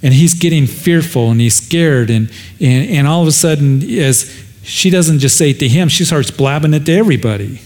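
A man's voice: on the high side, moderate pace, a little mellow. A male pastor preaching a sermon, retelling scripture dramatically and repeating his key points for emphasis.

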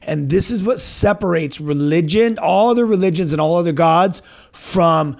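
A man's voice: sits high, normal speed, gravelly, darkish tone. A man hosting a podcast, talking in a casual, enthusiastic way with laid-back slang. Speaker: podcast host. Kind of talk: casual faith conversation.

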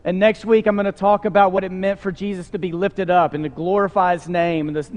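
Earnest high-voiced male pastor in a reverberant hall. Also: little pitch movement, fairly quick, highs cut off. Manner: conversational, earnest, frequent "like" fillers. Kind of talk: sermon.

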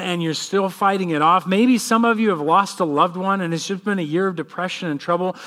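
A man in his thirties, a pastor, praying and then preaching with a lively personal story. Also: high-pitched. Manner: animated storytelling, acts out kids' voices. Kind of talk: sermon with prayer and personal story.

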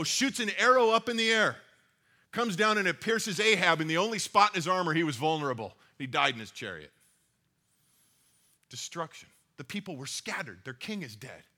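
A male pastor preaches in a relaxed, conversational storytelling manner. His voice is bright and forceful, and it sits a little high for a man. He reads scripture and retells stories as though chatting with his listeners. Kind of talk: sermon.

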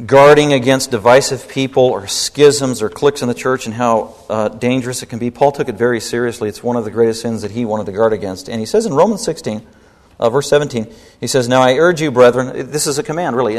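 A man preaching a sermon as pastor, emphatic and rising in pitch when stirred. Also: a little fast. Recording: long hall reverb.

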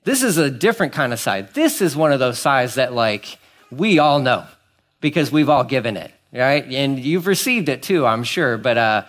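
A married man preaching a conversational sermon, swinging between hushed asides and emphatic, incredulous exclamations. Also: mid-range voice, animated, normal speed. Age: adult, married. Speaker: pastor.

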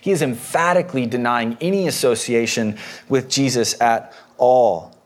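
A man preaching a sermon as pastor in a conversational way, explaining a passage with homely personal anecdotes. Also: medium pitch.

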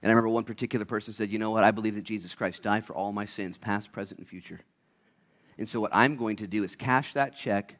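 A man preaching a sermon as a pastor, acting out little voices, swinging between loud shouts and quiet asides. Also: on the low side.

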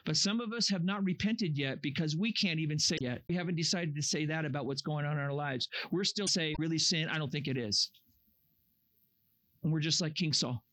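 A man preaching a sermon to young campers, earnest and animated, acting out excuses in a raised voice. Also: fairly high pitch, quick pace, hardly any pauses. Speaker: camp speaker. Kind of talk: youth camp sermon. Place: camp meeting room.

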